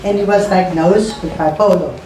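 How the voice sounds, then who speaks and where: A middle-aged woman, an interview guest telling her life story in a halting, emotional way and repeating phrases. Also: fairly low pitch, warm tone. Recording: echoey room, voice far from mic, faint noise.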